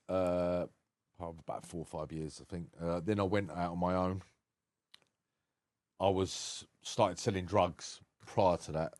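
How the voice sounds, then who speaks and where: An English man in his thirties speaks in a fairly low voice on a podcast. His talk is blunt and candid, full of swearing and quick laughs. The sound is dry and close, with no room around it. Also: a little mellow, no echo. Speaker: podcast guest. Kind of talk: casual podcast conversation.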